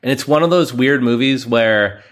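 A man's voice: mid-range voice, normal speed, no room sound. A young man hosting his own podcast, rambling and joking about himself, often saying "dude". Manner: rambling, self-mocking, says "dude" a lot. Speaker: podcast host. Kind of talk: solo podcast monologue.

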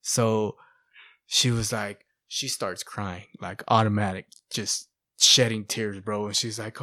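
A man's voice: lowish voice, unhurried, no room sound, clean studio sound. A middle-aged man telling his life story in casual chat, acting out what people said and saying "you know" and "bro" a lot. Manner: animated, acts out quotes, fillers like "you know" and "bro". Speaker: guest sharing testimony.

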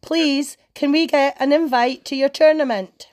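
High-voiced brisk female co-host. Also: fairly even intonation, a little mellow, no echo. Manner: friendly, brisk. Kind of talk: casual chat on a video call.

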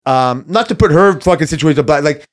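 A man's voice: a little high, expressive, brisk. A middle-aged man with a slightly raised voice rambles through an embarrassing story in casual podcast chat. He swears freely and laughs his way through it, circling back and restarting. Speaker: podcast co-host.

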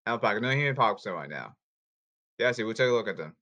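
A man's voice: on the low side, animated, fast, bright, forceful tone. A man talking casually to his audience, rambling and repeating himself as he jumps between topics. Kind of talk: casual rambling talk to camera.

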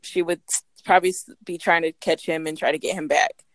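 A woman co-hosting a podcast, casually retelling a story with lively acted-out quotes and frequent laughter. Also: on the low side, brisk, dry recording. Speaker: podcast co-host. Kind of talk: casual story review chat.

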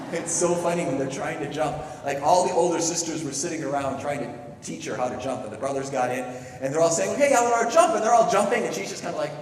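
A middle-aged man preaching a sermon, telling stories with lively acted-out quotes. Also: a little high, fairly quick, distant mic, slight background noise. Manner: animated storytelling with playful acted quotes. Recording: echoey hall, speaker away from the mic.

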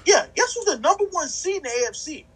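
A man co-hosting a casual sports podcast, trash-talking in an animated way and stammering over repeated words. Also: very high voice, fast, rough recording. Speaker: podcast co-host.

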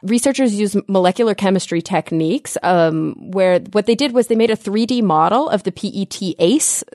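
A woman's voice: medium pitch, moderate pace, darkish tone, no room sound, clean studio sound. A young woman co-hosting a science podcast, chatty and upbeat as she explains things. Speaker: podcast co-host. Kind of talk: casual science podcast chat. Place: home, remote call.

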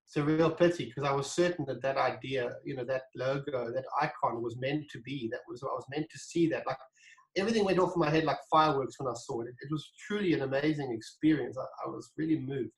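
A man telling a story as an interview guest, animated and acting out the dialogue, with frequent restarts. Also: medium pitch, fast, echoey room, poor audio. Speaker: guest, wine brand founder.

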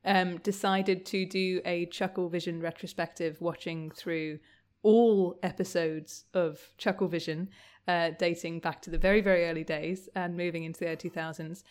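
A woman's voice: fairly low pitch, fairly even intonation, normal speed, clear, resonant tone. Giggly young woman guest, full of ums. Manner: laughs often while talking, hesitant with many ums. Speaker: podcast guest. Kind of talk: casual chat.

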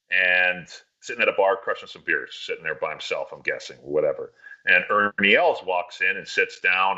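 A man's voice: low voice, bright, forceful tone, lo-fi sound. A man casually telling a long, profane, rambling story on a podcast.

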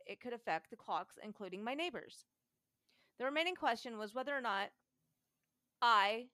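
A woman co-hosting a podcast, doing a casual dramatic reading of an internet post, animated and often laughing, slowing down and speeding up as she reads. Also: medium pitch, dry recording, clean studio sound.

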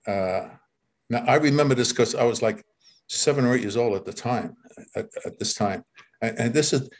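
An older man telling neighborhood stories in a relaxed, rambling way at an ordinary pitch, repeating words as he goes. He chuckles often and keeps checking in with his listener. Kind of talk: casual reminiscing.

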